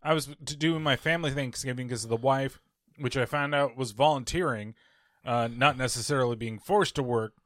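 A man's voice: mid-range voice, brisk, a bit bright, no room sound, clean studio sound. A man hosting a casual podcast, joking around, swearing freely and laughing often. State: hiccuping. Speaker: podcast host. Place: indoor studio setup.

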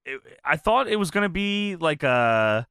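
Lively young man chatting casually. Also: fairly high pitch, smooth, no room sound, studio quality. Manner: laid-back, laughing, swearing, quick impressions. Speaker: podcast co-host. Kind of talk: casual chat.

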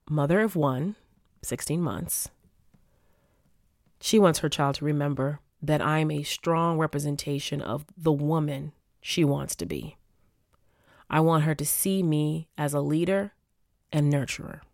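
A woman's voice: deep voice, gravelly, dry recording, studio quality. A woman hosting her own podcast, reading survey answers aloud in a heartfelt, reflective way. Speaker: podcast host.

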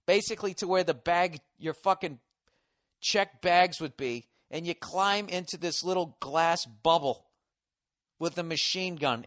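A man's voice: on the high side, a bit bright. Profane ranting man in his forties. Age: 40s. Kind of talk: comedic rant.

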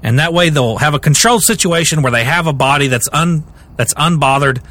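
A male podcast host telling a story in casual chat, animated and often repeating words as he starts a sentence. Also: fairly high pitch, a little fast, no room sound.

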